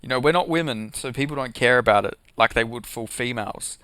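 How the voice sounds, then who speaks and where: A man's voice: mid-range voice, fairly quick, pushed and bright, smooth, no echo. A young man doing a casual, profanity-heavy rant about MMA, heated and sarcastic, with lots of "like" and "you know". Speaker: MMA commentary vlogger.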